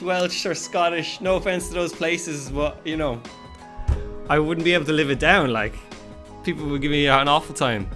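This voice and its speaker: A young man with an Irish accent chatting casually and reacting to a quiz, self-mocking and animated. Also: a little high, normal speed, soft background music. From Ireland. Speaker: YouTuber. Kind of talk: casual vlog commentary.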